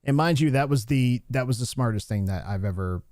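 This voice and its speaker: A man's voice: mid-range voice, animated, fairly quick, background noise. A man hosting a livestream, giving blunt, dismissive commentary in a casual ranting way with frequent restarts.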